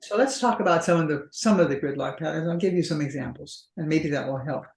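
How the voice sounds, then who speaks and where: Speaking fast in a deep, darkish voice, a female couples therapist walks through patterns in a conversational interview and frequently acts out partners' lines. The room adds a noticeable echo.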